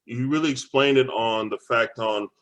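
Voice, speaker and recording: A man from Dallas co-hosting a podcast, talking in relaxed casual chat with lots of fillers. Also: mid-range voice, normal speed. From Dallas, Texas. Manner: relaxed, agreeable, filler-heavy. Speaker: podcast co-host.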